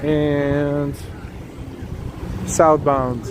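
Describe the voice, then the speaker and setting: Guy live-streaming his walk, kinda high voice, super effusive, loud street traffic behind. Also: little pitch movement, drawn-out words. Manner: effusive, thanks viewers at length, many restarts and fillers. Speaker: live-stream walking tour host. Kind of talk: casual live-stream chat while walking. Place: city streets outdoors at night. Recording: noisy outdoor street recording. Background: street traffic noise.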